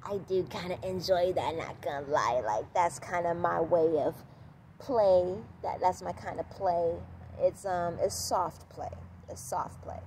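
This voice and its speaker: Casual vlogger woman, animated and repetitive, swears freely, outdoors on a phone, faint noise behind her. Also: on the low side, unhurried. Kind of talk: casual vlog monologue. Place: outdoors at sunset.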